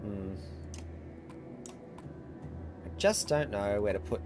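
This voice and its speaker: A man plays through a strategy game on stream, chatting wryly to viewers. His pitch rolls lively up and down, with faint music playing underneath. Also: unhurried. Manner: chatty, wry, laughs often. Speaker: gaming streamer. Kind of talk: casual let's-play commentary.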